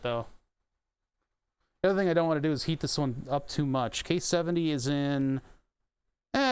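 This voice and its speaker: A man's voice: a little high, clean tone. A man casually livestreaming a keyboard repair, rambling and swearing as he works. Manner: profane, rambling, self-amused. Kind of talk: casual livestream chat while working. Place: home room with air conditioning running.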